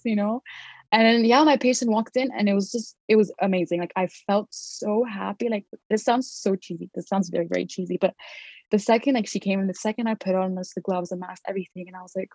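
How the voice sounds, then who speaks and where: A woman's voice: mid-range voice, fairly even intonation, quick pace, darkish tone, no room sound. Young woman, dental student, casual storytelling, chatty, dry close sound. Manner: chatty, lots of fillers and quoted thoughts.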